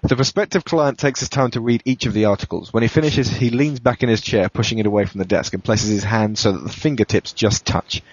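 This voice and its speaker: Low-voiced man narrating a thriller. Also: brisk, hardly any pauses, breathy edge, no echo. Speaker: podcast host reading a story. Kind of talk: first-person thriller narration. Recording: dull, dry lo-fi recording.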